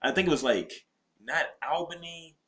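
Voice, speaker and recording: A man's voice: fairly high pitch, normal speed, a bit bright. A man co-hosting a podcast, chatting casually in crude, profane banter. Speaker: podcast co-host. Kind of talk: casual chat.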